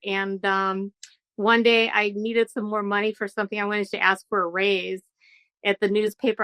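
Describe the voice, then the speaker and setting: Brief: UK-born woman guest, chatty storyteller, bright crisp voice, very dry sound. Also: medium pitch, no echo, rough recording. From United Kingdom. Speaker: guest, trial lawyer and writer. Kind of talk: casual interview chat.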